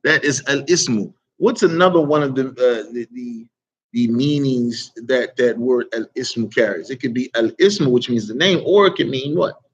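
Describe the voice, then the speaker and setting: A man's voice: mid-range voice, slightly rough. Guy teaching a vocab class, asks students then repeats words over and over, kinda dull lo-fi recording. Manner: quizzes students and repeats each word slowly. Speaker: Arabic teacher.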